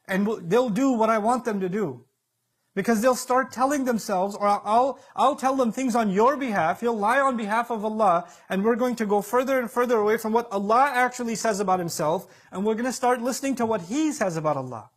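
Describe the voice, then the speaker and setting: Man, high voice, preacher, emphatic, acts out quotes. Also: fairly quick. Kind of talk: sermon.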